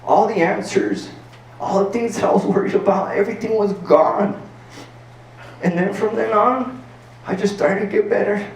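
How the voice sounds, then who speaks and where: A man's voice: sits high, moderate pace, vocal fry, slight background noise. A man from El Paso, Texas, telling an earnest personal story on a stage as a stand-up comedian, full of filler words. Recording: roomy sound from a distance.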